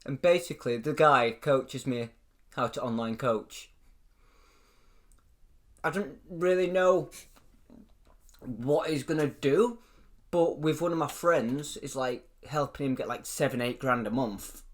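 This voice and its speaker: A young British man co-hosts a podcast in casual chat, speaking at medium pitch and a measured pace with frequent pauses. He swears a lot and laughs often.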